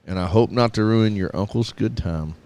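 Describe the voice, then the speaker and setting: A man's voice: fairly low pitch, normal speed, a little mellow, dry recording. A man, co-hosting a casual radio talk show and joking around with friends in country slang. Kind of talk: casual banter among friends.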